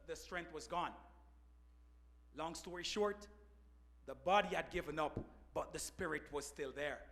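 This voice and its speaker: A man with a high-pitched voice telling a heartfelt story to a large audience. He speaks earnestly, like a seasoned sergeant, and sometimes sinks almost to a murmur. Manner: earnest storyteller, drops to a hushed voice at emotional points. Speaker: Air Force first sergeant, panelist. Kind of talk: personal story told to an audience. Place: large auditorium.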